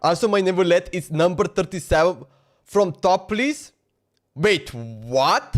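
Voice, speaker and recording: A man's voice: high-pitched, animated, measured pace, faint music behind. A male streamer chatting casually on a live stream, talkative and laughing, in broken English.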